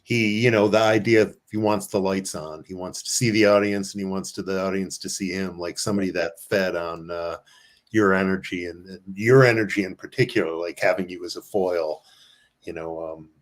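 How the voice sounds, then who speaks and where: A man co-hosting a podcast, talking in a relaxed, conversational way in casual chat. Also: sits low, moderate pace. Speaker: podcast co-host.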